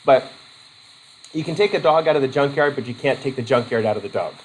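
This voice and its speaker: A man's voice: medium pitch, a little fast, a little hiss or hum, poor audio. A man from Vermont giving a casual college lecture, rambling with jokey asides.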